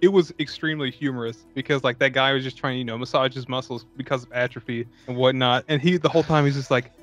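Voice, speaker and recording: A man's voice: medium pitch, fairly even intonation, fast, a bit bright, faint music behind. A young man co-hosting a podcast, chatting casually about a movie in a jokey, sarcastic way and slipping into mocking impressions. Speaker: podcast co-host. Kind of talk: casual movie-riffing chat.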